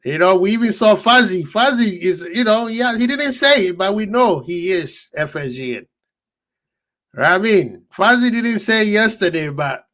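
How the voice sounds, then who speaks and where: A young man hosts a casual football fan live stream. He talks to his chat in an excitable, laughing way. His voice sits a little on the high side. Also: measured pace.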